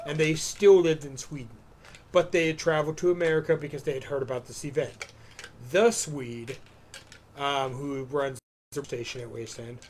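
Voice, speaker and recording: A man's voice: on the high side, slight background noise. A man co-hosting a live stream show, telling a rambling story in a casual, profane way. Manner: loose, profane, animated storytelling. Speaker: podcast co-host.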